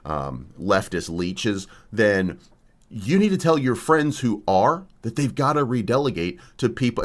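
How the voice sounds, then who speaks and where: A man hosting a crypto channel, lecturing viewers in a combative, repetitive rant. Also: fairly low pitch. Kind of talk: casual ranting commentary.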